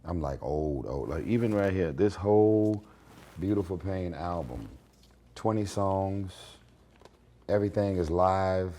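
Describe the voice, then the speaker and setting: A man with a raspy voice giving blunt, confident opinions in a candid interview at his home. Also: deep voice, measured pace, mellow. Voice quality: raspy, gravelly voice. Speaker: interview guest, singer.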